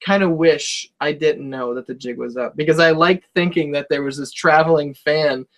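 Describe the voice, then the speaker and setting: A man's voice: on the high side, fairly even intonation, moderate pace, a bit bright. A man co-hosting a casual wrestling podcast, talking loosely with swearing and reading viewer comments aloud. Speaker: podcast co-host.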